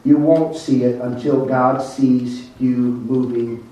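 Older male pastor preaching, dark mellow voice, far from the mic, echoey church. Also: medium pitch, level tone. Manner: preaching, calls on the congregation, slows down for emphasis. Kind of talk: sermon.

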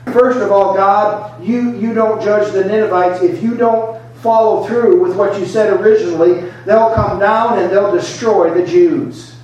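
A man's voice: on the high side, a little fast, a little mellow, lo-fi sound, close to an everyday voice. A man preaching, voicing a furious prophet who argues heatedly with God. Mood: angry protest. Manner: heated, pleading, insistent. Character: angry indignant male prophet arguing with God. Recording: echoey hall, mic far off.

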